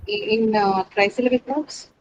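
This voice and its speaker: A woman's voice: mid-range voice, normal speed, noisy background. Woman teaching an online class. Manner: explanatory, quizzes students, frequent "right?" checks. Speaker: English teacher. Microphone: video call.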